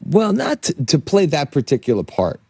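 A man, an actor guest on an interview show, telling anecdotes in an animated, rambling way with many fillers and restarts. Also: fairly high pitch, normal speed, husky, no room sound, clean studio sound.

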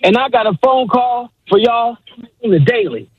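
A man's voice: very high voice, expressive, normal speed, breathy edge, dry recording, narrow, tinny audio. An enthusiastic man calling in to a sports radio show, cheering for his team. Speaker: caller.

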